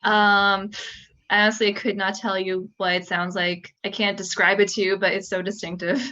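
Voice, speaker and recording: A chatty woman hosting a relaxed talk about tabletop role-play, quick to laugh. Her mid-range voice comes through a slightly dull mic. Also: medium pitch. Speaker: host. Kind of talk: casual chat.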